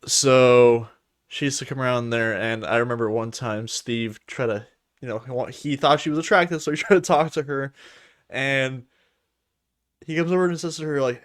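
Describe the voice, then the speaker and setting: A man co-hosting a podcast, telling crude, swearing anecdotes in a lively, animated way. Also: mid-range voice, normal speed. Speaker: podcast co-host. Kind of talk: casual chat, storytelling.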